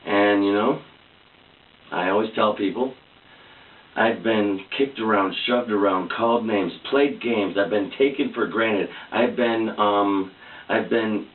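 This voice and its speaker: A man's voice: on the low side, slow. Earnest rambling man on a tinny, echoey recording. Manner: earnest, rambling, repeats himself with restarts. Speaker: vlogger. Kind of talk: casual personal talk to camera. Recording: echoey, distant, phone-like tinny sound.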